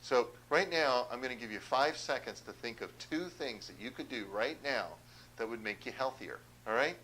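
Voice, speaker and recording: Speaking as a chiropractor at a health seminar for viewers, a man gives a direct, persuasive talk, frequently putting questions to the audience. His mid-range voice is sharp-toned at a moderate pace, on a rough recording with a little hiss or hum.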